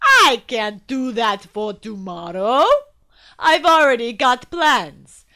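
A woman's voice: fairly high pitch, big pitch swings, takes it slowly, heavily acted. Woman playing a theatrical vampire pianist. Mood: indignant. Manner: loud and theatrical. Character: pale vampire pianist, dramatic and loud.

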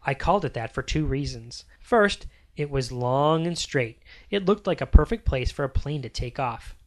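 A reader narrating a children's story aloud in an expressive, sing-song way. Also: medium pitch, normal speed.

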